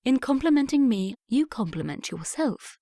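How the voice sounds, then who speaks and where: A woman's voice: sits high, very animated, normal speed, mellow, dry recording, voice pushed up. A frank young lady who runs a dressmaking business, firm and plain-spoken, as a woman reader plays her. The read is close and dry, from an audiobook.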